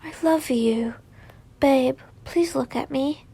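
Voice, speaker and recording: A woman voicing a gentle, apologetic young man who comforts his fiancé, speaking softly and haltingly, often near a whisper. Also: high-pitched, vocal fry, heavily acted. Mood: tender.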